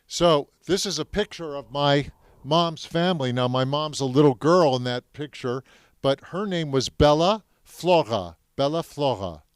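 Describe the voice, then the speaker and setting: A man tells his family's story to students in a classroom talk, speaking emphatically and checking in with the audience through questions. His voice is a little high and smooth, with a dry, close sound and no room noise.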